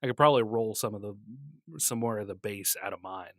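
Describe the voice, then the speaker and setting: A man's voice: on the low side, fairly quick, no echo. Joking man, dry close mic. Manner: joking, teasing, reads news aloud with stumbles. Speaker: podcast co-host. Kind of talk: casual banter and reading news.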